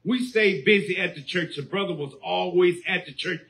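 Man, sermon, high pitch, forceful tone, call-and-response shouting. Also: normal speed, gravelly. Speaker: preacher.

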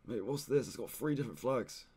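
A man's voice: medium pitch, a little fast, dark tone, slightly rough. A young man streaming a guessing game, frustrated and swearing, tacking "mate" onto almost everything he says. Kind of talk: casual live-stream gameplay commentary.

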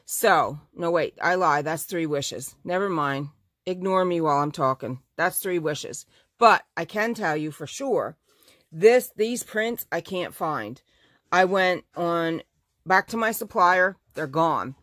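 A woman's voice: lowish voice, lively intonation, slow pace, a bit bright, dry recording, clean studio sound. A woman who owns a fabric shop, chatting through a casual live showcase of her fabrics. She gushes over the prints and corrects herself mid-sentence.

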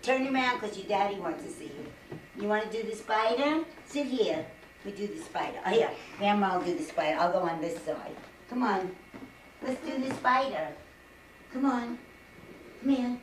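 A woman's voice: mid-range voice, expressive, normal speed, far from the mic. An older woman, a grandmother, singing nursery songs and coaxing a baby in a playful, sing-song way at home. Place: family home. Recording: echoey home video from across the room, faint noise.

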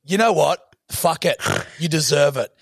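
Gravelly, swearing man ranting. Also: on the high side, moderate pace, no echo, studio quality. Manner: crude, swearing, mock-outraged ranting. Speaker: podcast co-host. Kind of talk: casual banter.

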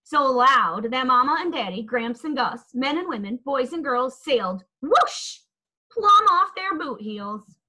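A woman reading a children's picture book aloud in an expressive, lilting storytelling manner. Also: high-pitched, a little slow, hardly any pauses, poor audio.

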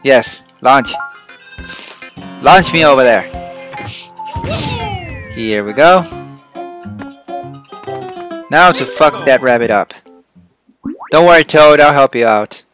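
A man playing a platform game and commenting, often yelling and cursing at enemies, then calming down to chat with his viewers. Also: medium pitch, slow, long pauses, faint music behind. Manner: excitable, swearing, yelling at the game. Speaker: let's play host. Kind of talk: gameplay commentary.

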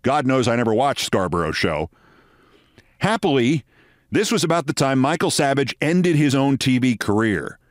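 A man's voice: medium pitch, sing-song, moderate pace, dry recording, studio quality. A man hosting a podcast, delivering a scripted commentary monologue with sardonic, emphatic storytelling. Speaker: podcast host.

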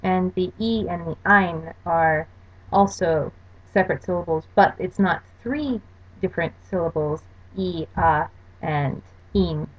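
A woman's voice: lowish voice, a little slow. Woman teaching a slide lecture, careful explaining, kinda muffled lo-fi audio. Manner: explanatory, careful spelling-out of examples. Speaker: language course lecturer. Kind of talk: recorded lecture over slides. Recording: dull lo-fi recording.

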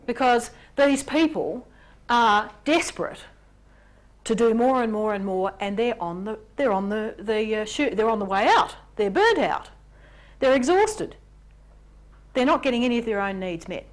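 Lively woman presenting a lecture. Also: on the high side, unhurried. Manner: animated, acts out examples in character voices. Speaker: workshop presenter. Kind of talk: lecture on relationships.

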